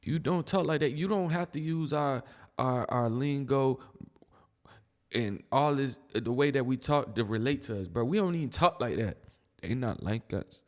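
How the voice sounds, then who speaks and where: A man's voice: mid-range voice, animated, moderate pace, in a large hall. A man giving casual reaction commentary in a blunt, slangy, exasperated manner.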